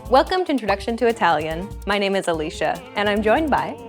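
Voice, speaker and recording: A woman hosting a language course, explaining points in clear, friendly scripted narration. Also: mid-range voice, big pitch swings, fast, music in the background.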